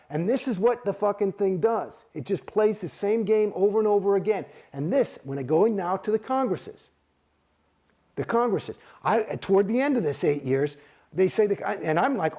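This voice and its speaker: A man's voice: on the high side, creaky, darkish tone. A man in a candid interview, telling a long story in a rambling, heated way and swearing constantly.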